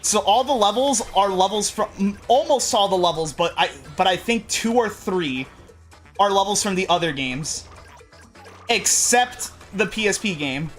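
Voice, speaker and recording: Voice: medium pitch, expressive, moderate pace, soft background music. A streamer giving casual commentary while playing a game, rambling and correcting themselves often. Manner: rambling, with frequent restarts and self-corrections. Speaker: let's play streamer.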